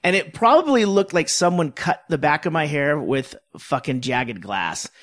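A man with a slightly high voice chatting on a casual podcast. He pokes fun at himself and circles back through restarts and fillers as he talks. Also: animated, moderate pace, a bit bright. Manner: self-deprecating, many restarts and fillers. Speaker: podcast co-host. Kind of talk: casual chat.

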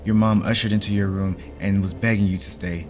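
A man reading a fan story aloud in a plain, steady storytelling manner. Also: on the low side, fairly quick, soft background music. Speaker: story reader.

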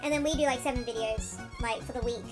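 A young woman with a high, almost childlike voice gives let's-play commentary. She swings from rambling asides to squealing outbursts. Game music plays clearly behind her. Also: fairly even intonation, fast talker. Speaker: gaming channel host.

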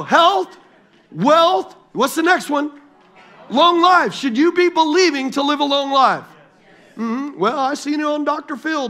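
A middle-aged man preaching to his church congregation as pastor, animated and joking with the crowd. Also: very high voice. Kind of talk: sermon. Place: large church hall.

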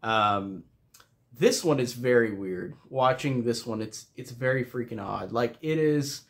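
A man's voice: mid-range voice, unhurried. Rambling man reviewing a film casually. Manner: rambling, with many fillers and restarts; amused and chatty.

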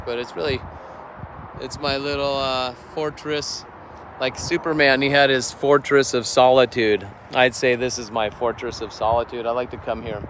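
A man's voice: mid-range voice, noisy background. A man vlogging casually about a book he is reading, rambling with many restarts, recorded outdoors through an earphone mic. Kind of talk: casual talk to camera. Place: outdoors on windy clifftop.

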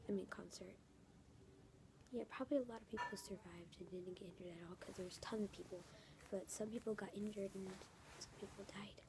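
A woman vlogging in an earnest, emotional way, with a slight gravelly edge. Her tone is mellow and warm rather than bright. She slips between plain talk and a soft half-whisper, circling back to the same phrases. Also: medium pitch, steady tone, a little fast, slight background noise. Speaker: YouTuber. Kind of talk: emotional casual vlog. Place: home in San Francisco.

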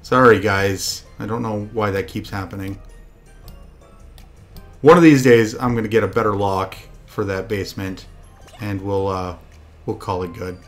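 A young man streaming a party video game with friends, chatting casually and breaking into loud, profane outbursts at the game. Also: fairly low pitch, fairly even intonation, unhurried, long pauses, soft background music. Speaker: VTuber streamer.

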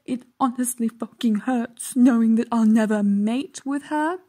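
Lady putting on creepy online dude voice, overwrought and dragged out, kinda high. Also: moderate pace, dark tone, natural voice. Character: lustful obsessive male internet poster, melodramatic.

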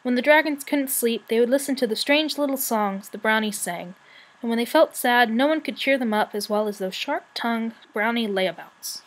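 A woman's voice: fairly high pitch, normal speed, poor audio. Woman reading a storybook aloud. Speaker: audiobook reader.

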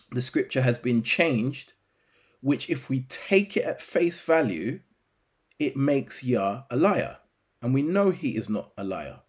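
A man teaching scripture in a slow, deliberate way, putting rhetorical questions to the listener. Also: mid-range voice, husky. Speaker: bible teacher.

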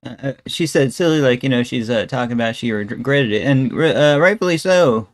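A man streaming casual reaction commentary, talking to his chat in a relaxed, slangy way. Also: mid-range voice, brisk, no echo. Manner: laid-back slangy, calls chat bro and guys.

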